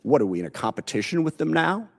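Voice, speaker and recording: A man speaking at a congressional hearing, measured and critical, with sarcastic asides, played back on a stream. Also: a little high, big pitch swings, creaky. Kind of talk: hearing remarks.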